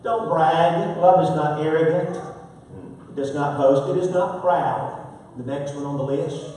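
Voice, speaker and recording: In a church sanctuary, a man with a fairly high, warm voice delivers an emphatic sermon at an unhurried pace, repeating himself and letting his volume rise and fall. The mic sits far away in a reverberant hall, and there's a bit of background noise.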